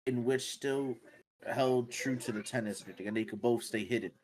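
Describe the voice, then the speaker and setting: A man's voice: medium pitch, a little fast. Podcast co-host, male, mid-range voice, loose filler-heavy game talk. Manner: rambling, filler-heavy, animated when excited. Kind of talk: casual gaming podcast chat.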